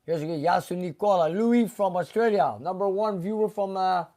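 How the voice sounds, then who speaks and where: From a car garage shop, a man hosts a casual live stream, reading viewer comments aloud and chatting about them, now and then slipping into Greek. His voice sits high and mellow at a normal speed.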